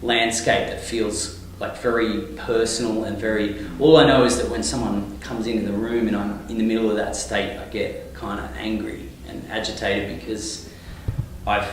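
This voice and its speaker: A man's voice: on the low side, moderate pace, slight background noise. Rambling Australian man, echoey distant mic. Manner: relaxed, rambling, many fillers and restarts. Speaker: touring singer-songwriter, guest. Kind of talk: casual interview.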